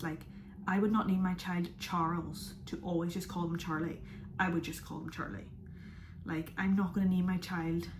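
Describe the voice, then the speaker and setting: Speaking in a lowish, slightly mellow voice, a young non-American woman chats casually to her camera, wandering from topic to topic and sometimes lowering to a whisper. The room echoes, and there's slight background noise.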